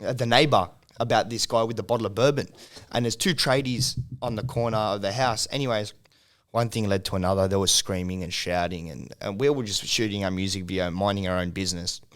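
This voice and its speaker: A man's voice: on the low side, fairly quick, fairly bright tone. Profane Australian man telling a story. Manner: profane, rambling, laughs often. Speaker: music video producer, podcast guest. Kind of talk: casual podcast storytelling.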